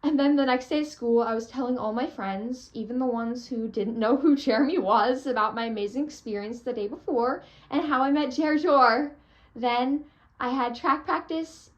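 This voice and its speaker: A woman's voice: a little high, normal speed, lo-fi sound. A teenage girl gushing about a theater trip, breathless and full of "like" and "oh my gosh". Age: teens. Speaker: theater fan vlogger. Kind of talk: excited storytelling.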